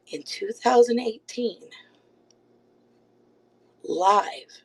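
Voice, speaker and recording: Woman streamer, a little high, on a phone mic; confrontational rant delivered in quick bursts, keeps saying she isn't angry. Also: vocal fry, breathy edge, low-quality recording. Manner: confrontational, repeated pointed rhetorical questions; rapid bursts, insists she is calm. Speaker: live streamer. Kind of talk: livestream call-out rant.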